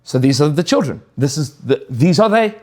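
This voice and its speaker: Expressive high-voiced rabbi teaching. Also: male voice, moderate pace. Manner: expressive storytelling, dipping low for asides. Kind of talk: Torah class teaching.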